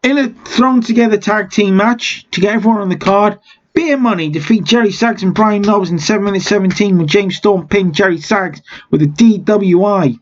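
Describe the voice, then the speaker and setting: A man's voice: high-pitched, normal speed, muffled recording. A man casually recapping a wrestling management game, chatty with wry asides. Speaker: game let's-player.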